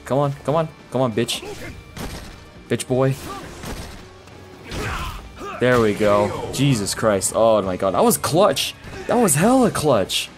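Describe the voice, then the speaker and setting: Hyped-up gamer dude cursing through a fight game, voice bouncing up and down, some music low in the back. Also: male voice, sing-song. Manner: loud, swearing, quick to shout and groan. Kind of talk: excitable gameplay commentary.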